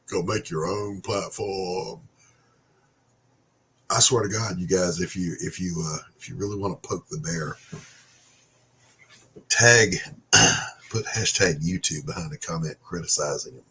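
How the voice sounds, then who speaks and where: A man's voice: low-pitched, a bit bright, breathy edge. A man hosting a casual opinion monologue, ranting bluntly and sarcastically, with swearing. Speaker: podcast host.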